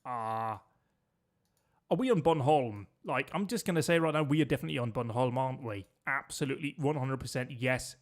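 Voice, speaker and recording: A man streams a geography guessing game, chatting and joking with viewers as he goes. His voice is mid-range and his pace fairly quick, in the style of casual gameplay commentary.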